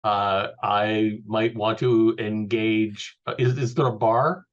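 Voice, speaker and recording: A man playing in a tabletop game, talking in a dry, deliberate way with pauses and fillers. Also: on the low side, steady tone, highs cut off. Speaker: player. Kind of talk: casual game chat.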